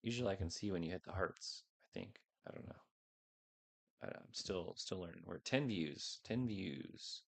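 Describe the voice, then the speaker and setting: A man's voice: sits low, normal speed, vocal fry. A man hosting a casual livestream, rambling and unsure as he talks to a few viewers on a headset microphone. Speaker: livestream host.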